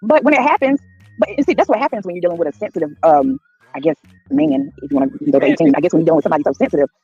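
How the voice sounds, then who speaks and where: A woman guest on an online panel, talking fast and animated with many fillers in casual heated chat. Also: deep voice, breathy edge, no room sound, soft background music. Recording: dry, dull lo-fi stream audio.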